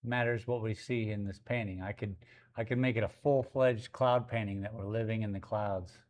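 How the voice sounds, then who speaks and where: A man's voice: lowish voice, fairly even intonation, moderate pace, a little mellow. A man chatting casually and playfully on a live stream from a gallery studio while he paints, joking with his puppy.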